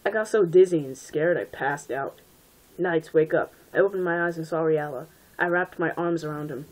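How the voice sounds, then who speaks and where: A woman's voice: deep voice, fairly quick, darkish tone, poor audio. A woman reading bad fan fiction aloud and breaking off with sarcastic asides and laughter. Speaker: reader and commentator.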